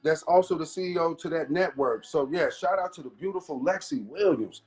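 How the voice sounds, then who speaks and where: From his home kitchen, a man hosts an informal live cooking show and chats directly with viewers over faint background jazz. His voice is on the high side with a darkish tone, and he talks a little fast.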